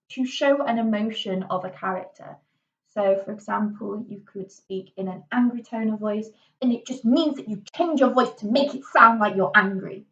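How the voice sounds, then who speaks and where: A woman's voice: on the high side, fairly bright tone. Chatty woman teacher, distant and muffled. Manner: chatty, many fillers and "okay"s, gestural. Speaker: drama teacher. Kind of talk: classroom tutorial. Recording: dull, slightly distant lo-fi recording.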